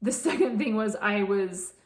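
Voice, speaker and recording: A woman's voice: medium pitch, measured pace. A woman in her late thirties, a fitness coach, telling her own story in a candid, chatty way. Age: 30s. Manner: candid and chatty, many restarts. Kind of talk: personal story told to camera. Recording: echoey room.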